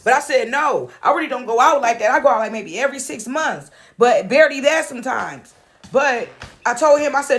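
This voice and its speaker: A woman's voice: fairly high pitch, lively intonation, a little fast. A woman telling a long story in a casual vlog monologue, swearing a lot, rambling, often retelling her own words and tagging lines with "right?". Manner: profane, rambling, keeps asking "right?". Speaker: vlogger.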